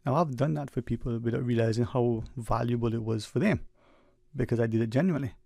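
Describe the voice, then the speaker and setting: Speaking from a radio studio into a studio microphone, this talk radio host from the Cayman Islands offers a conversational yet preachy, reflective monologue. He has a gravelly mid-range voice with a dark tone, and he varies his pace to stress points. The sound is dry and of studio quality.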